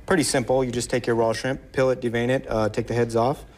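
Laid-back chef guy talking through a recipe, lots of uh's, faint room noise. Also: mid-range voice. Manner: relaxed, halting, many uh fillers. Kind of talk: cooking demo on morning TV.

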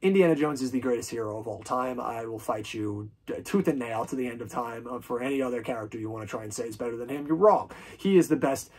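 A man's voice: mid-range voice, quick pace, few pauses, a little mellow, breathy edge. A man casually ranking films on his vlog, gushing with fan enthusiasm and swearing freely. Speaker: film reviewer.

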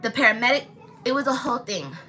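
A woman's voice: fairly high pitch, animated, fast talker, sharp tone, a little hiss or hum, rough recording. A young woman speaking angrily and bluntly on a livestream vlog, swearing as she vents. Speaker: vlogger.

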